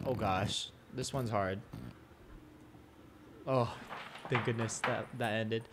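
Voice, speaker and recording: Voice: mid-range voice, lively intonation, slow, long pauses, fairly bright tone, slight background noise. A reaction video host at home, commentating casually on funny clips, laughing often and chatting to their own dogs.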